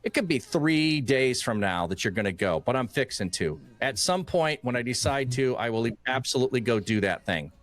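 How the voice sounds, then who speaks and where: A man from Michigan hosting a casual podcast conversation, animated and acting out quoted voices as he talks, often restarting phrases. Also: mid-range voice, moderate pace, few pauses. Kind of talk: casual chat.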